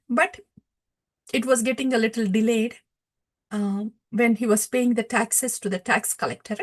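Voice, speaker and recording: A woman giving a devotional lecture, retelling a scripture story with many pauses and fillers. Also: medium pitch. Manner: hesitant, many fillers, warm laughs. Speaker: devotional speaker.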